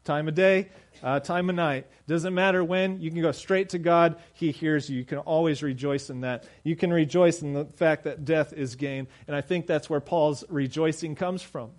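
A man preaching a sermon as pastor, earnest, slowing down and dropping softer on key phrases. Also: fairly high pitch, steady tone.

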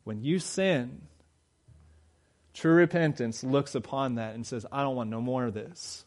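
A man's voice: mid-range voice, measured pace. Fervent male preacher. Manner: building from quiet reflection to loud, fervent emphasis. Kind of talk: sermon.

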